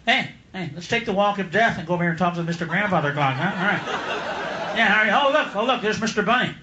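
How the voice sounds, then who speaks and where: A man voicing a weary, bitter middle-aged children's TV host who grumbles in a low, gruff voice. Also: lively intonation, fast, reverberant, muffled recording, background noise. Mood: weary grumbling.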